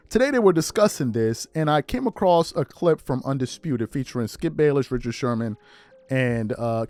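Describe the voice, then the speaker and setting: A man's voice: medium pitch, no room sound. A man hosting a podcast, riffing through incredulous rhetorical questions in casual commentary. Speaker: podcast host.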